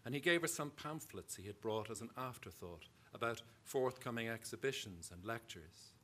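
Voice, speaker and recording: A man with an Irish accent, an author reading his own fiction aloud at a live event in a measured storytelling way. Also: medium pitch, fairly bright tone.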